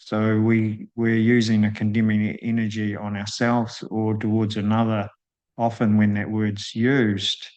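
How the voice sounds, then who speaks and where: A man hosting a solo spiritual talk, speaking thoughtfully with frequent pauses and drawn-out ums. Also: fairly low pitch, monotone, darkish tone. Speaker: host.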